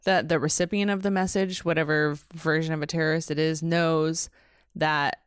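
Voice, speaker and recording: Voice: mid-range voice, little pitch movement, normal speed, clear, resonant tone, no room sound, clean studio sound. A co-host in a casual TV recap, giving short agreements and hesitant musings.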